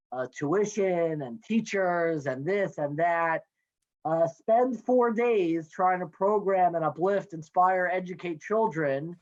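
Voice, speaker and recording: A man in his thirties talking in a casual, playful way as a guest, joining by video call from his home office. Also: on the high side. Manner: chatty, playful, quick with jokes. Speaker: guest, NCSY education director. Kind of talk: casual interview chat. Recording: dull lo-fi video call audio.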